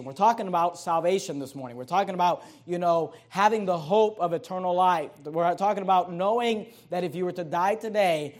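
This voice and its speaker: High-voiced man preaching a sermon. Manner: starts calm, then preaches louder and higher. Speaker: pastor.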